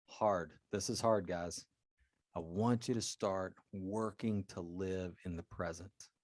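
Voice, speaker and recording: Man, very deep voice, dry close recording, earnest coaching tone, solo podcast host. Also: a little mellow, dry recording. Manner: earnest, coaching, speaks directly to listeners.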